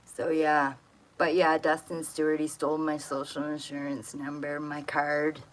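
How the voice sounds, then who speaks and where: A woman's voice: sits low, completely flat delivery, unhurried, rough recording. Rambling, swearing woman telling a story. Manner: rambling, blunt, frequent swearing. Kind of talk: casual personal storytelling.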